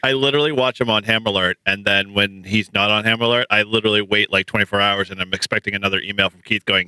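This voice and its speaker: A man hosting a podcast, chatting casually and tossing in quick teasing quips. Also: fairly low pitch, steady tone, pushed and bright, clean tone, no echo. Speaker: podcast host. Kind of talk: casual chat.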